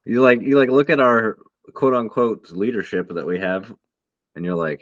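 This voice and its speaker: Low-voiced profane man, lo-fi. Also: moderate pace, no room sound. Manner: profane, rambling, excitable. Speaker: podcast co-host. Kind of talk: casual chat. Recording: dull lo-fi dry sound.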